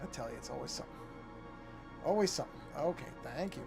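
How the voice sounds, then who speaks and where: A man's voice: mid-range voice, animated, fast, gravelly, music in the background. A middle-aged man chatting casually on a live art stream as he paints, thinking aloud with many restarts and yawning now and then. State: yawning often. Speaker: artist streaming his work.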